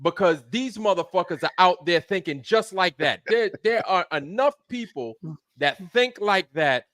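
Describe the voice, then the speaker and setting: A man with a high, rising voice, angry and repetitive, cursing through a heated rant. His sound is close and dry, with no room around it. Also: animated, moderate pace, fairly bright tone, dry recording. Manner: angry, repetitive, swears often.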